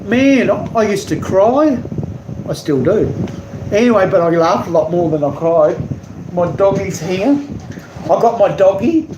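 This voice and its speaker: A rambling man talks casually on his live stream, wandering from point to point and tripping over words. His voice sits high for a man. The room is echoey, with a loud air-conditioner hum behind him. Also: expressive, a little slow. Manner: rambling, warm, digressive, stumbles over words. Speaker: live-streaming artist and channel host. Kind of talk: casual live-stream chat reading out viewer comments.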